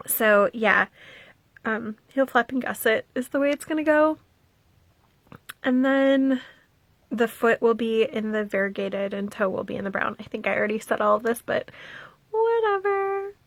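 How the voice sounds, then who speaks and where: A woman's voice: on the high side, fairly even intonation, moderate pace, gravelly, a bit bright, no room sound. A young woman chatting casually as she knits for her vlog, rambling on with asides and frequent "um"s. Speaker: knitting vlogger. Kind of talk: casual knitting vlog chat.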